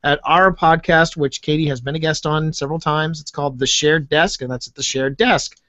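A man with an American accent, chatting as a podcast guest in a jokey way with quick restarts. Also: fairly high pitch, fairly even intonation, heavy background noise. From United States. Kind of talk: casual conversation. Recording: dull lo-fi dry sound.

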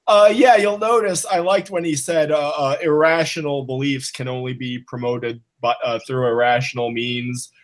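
A man's voice: mid-range voice, fairly even intonation, moderate pace, few pauses. A man in a casual podcast discussion, hesitant and analytical, with many filler sounds.

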